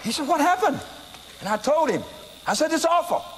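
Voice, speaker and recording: An older American man preaching, telling a story in an animated way with sudden shouts and laughter at himself. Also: very high-pitched, moderate pace, in a large hall, slight background noise, low-quality recording. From United States. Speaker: evangelist preacher. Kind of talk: storytelling sermon.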